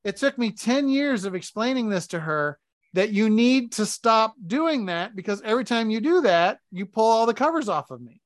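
Animated storytelling man, dry close sound. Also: high voice, a little fast, dry recording. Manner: animated storytelling, acting out arguments. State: married. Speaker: podcast co-host. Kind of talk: casual chat.

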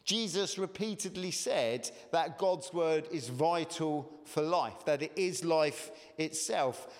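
A man's voice: fairly high pitch, takes it slowly, in a large hall. A man preaching a conversational sermon in church, with hesitant fillers and rising emphasis.

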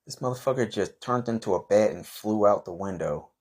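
A man with a low, deep voice runs an improvised comedy bit. He talks brash, slangy and profane. He argues with a partner who is never heard. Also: fairly quick, darkish tone, slightly rough. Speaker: comedy podcast host in character.

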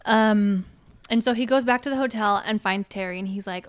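A woman's voice: mid-range voice, steady tone, a little fast, no echo. A young woman in casual podcast chat, retelling a movie plot with quoted lines and frequent laughs. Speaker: podcast co-host. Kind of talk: casual film recap chat.

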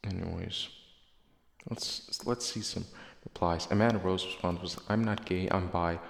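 A man's voice: sits low, fairly even intonation, a little slow, gravelly, a little hiss or hum. A male podcast host in casual chat, reading listener replies aloud in a profane, sarcastic, rambling way. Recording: echoey room with long reverb.

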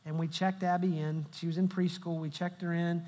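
A man's voice: on the high side, level tone, fairly quick, warm tone. A middle-aged male pastor giving a humorous sermon, telling stories and joking with the congregation. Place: large church hall. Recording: long hall reverb.

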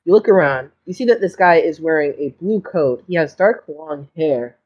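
A woman's voice: sits low, animated, normal speed, muffled recording. A woman narrating as game master in a casual, rambling way. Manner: casual, rambling, restarts often.

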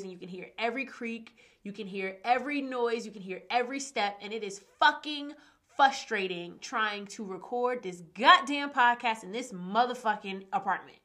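A young woman. Her voice is bright and forward, and her talk is casual and frank. She speaks openly and swears freely. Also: mid-range voice. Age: 20s. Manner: candid and frank, swears freely when frustrated. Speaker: podcast host. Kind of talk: casual solo podcast talk.

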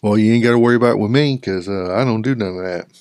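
A man's voice: fairly low pitch, racing, a little mellow, smooth, dry recording, clean studio sound. A man with a Southern American accent, blunt and matter-of-fact in casual podcast banter. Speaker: podcast co-host.

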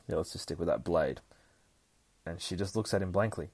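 Profane man recapping a comic, low voice. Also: a little fast, vocal fry, pauses often, darkish tone, husky, no echo. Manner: profane, swears constantly; acts out fight sound effects. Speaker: podcast host. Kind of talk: casual comic book recap.

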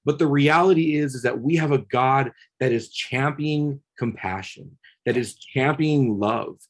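This man, appearing as a guest on a podcast, speaks in a mid-range voice at a moderate pace. He recounts something personal in earnest, repeating himself frequently and rising to passionate high points, in a casual, story-driven conversation.

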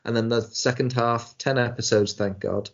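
A man chatting about television, tumbling over his words with lots of restarts and an exasperated edge. His voice sits at an ordinary middle pitch. The recording sounds dull and lo-fi. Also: steady tone, normal speed. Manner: rambling, frequent restarts, exasperated. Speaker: podcast co-host. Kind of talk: casual chat reviewing TV shows.

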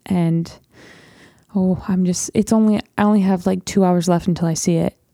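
Teen girl host, chatty and rambling, low mellow tone with lots of fry, dry close sound. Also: fairly even intonation, moderate pace, no room sound. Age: teens. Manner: chatty, rambling, says "literally" often. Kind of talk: casual chat.

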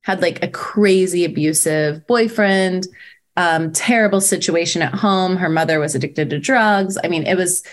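A poetry teacher with a fairly low voice tells a story at a moderate pace in casual chat. She talks frankly and animatedly, packing in plenty of "like" and the occasional swear word.

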